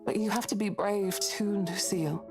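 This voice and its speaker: A gentle, ailing young mother soothes her child in a game, voiced by a woman. She speaks softly with a put-on British accent over clear game music. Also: mid-range voice, normal speed, lightly acted. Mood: soothing. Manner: soft, soothing, comforting.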